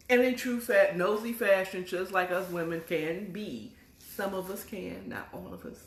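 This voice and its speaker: A woman's voice: medium pitch, animated, normal speed, few pauses. A woman casually retelling a romance novel chapter, chatty and full of fillers and self-corrections. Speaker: storyteller. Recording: echoey room.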